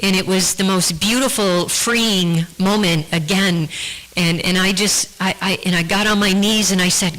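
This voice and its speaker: Bright-voiced woman giving earnest testimony. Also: mid-range voice, fairly even intonation, rough recording. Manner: earnest, halting, with frequent repeated starts. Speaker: guest speaker. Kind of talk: personal testimony. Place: church.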